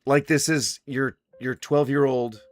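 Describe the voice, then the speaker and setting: With faint smooth jazz in the background and no echo, a male commentary YouTuber delivers profane, mocking reaction commentary, often dissolving into laughter. His pitch is medium, his intonation fairly even, and his pace measured.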